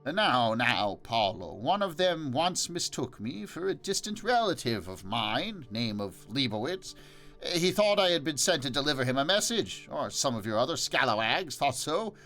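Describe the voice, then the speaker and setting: A man's voice: medium pitch, big pitch swings, normal speed, fairly bright tone, faint music behind, pitched above the performer's own voice. A man doing a cranky ancient hermit. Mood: teasing. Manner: mocking, sing-song, cranky. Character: cantankerous ancient hermit, old man, wry.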